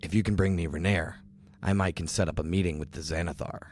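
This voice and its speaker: A man voicing a hot-tempered orc thug who talks gruffly and threateningly. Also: deep voice, fairly even intonation, fast talker, a little hiss or hum, lightly acted. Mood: menacing.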